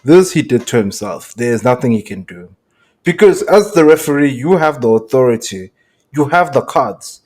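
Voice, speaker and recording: A man with a mid-pitched voice co-hosting a podcast. He lays out his points in a measured, explanatory way, sometimes restarting a phrase before going on. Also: animated, a little mellow. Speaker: podcast co-host. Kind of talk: casual chat.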